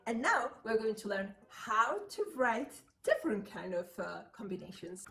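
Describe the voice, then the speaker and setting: A woman's voice: fairly high pitch, big pitch swings, moderate pace, gravelly, fairly bright tone, slight background noise. A woman giving a beginner piano lesson, patiently counting beats and chanting rhythm syllables aloud. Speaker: piano teacher.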